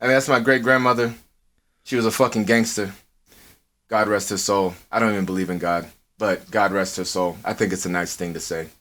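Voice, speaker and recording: A man co-hosting a podcast, telling a story in casual, profanity-heavy talk, acting out quotes in a high voice. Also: brisk. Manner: swears a lot, animated, acts out quotes in a high voice. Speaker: podcast co-host. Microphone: earphones with mic.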